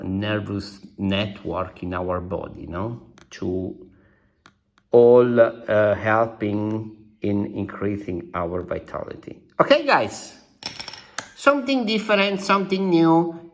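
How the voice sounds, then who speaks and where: Slow-talking Italian-accented man teaching. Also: low voice, vocal fry. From Italy. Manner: slow and deliberate, with many fillers and restatements. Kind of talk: slow language lesson.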